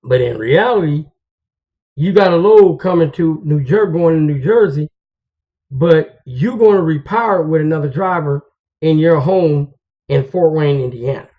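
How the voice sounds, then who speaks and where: A man's voice: a little high, animated, normal speed. A man, a truck driver, telling stories and giving advice to fellow drivers in a casual, slangy, confiding way. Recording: dull lo-fi recording.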